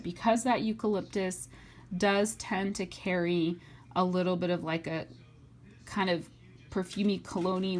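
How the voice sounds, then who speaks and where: A woman's voice: lowish voice, slight background noise. A woman reviewing wax melts in a casual, chatty vlog, enthusiastic and full of fillers. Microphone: webcam or phone mic.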